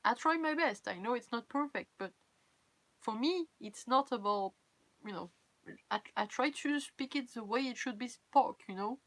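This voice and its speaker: A woman's voice: on the high side, normal speed, fairly bright tone, no room sound. A young woman from France with a French accent, chatting casually and candidly on a live stream in English, her second language. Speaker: cosplay livestreamer.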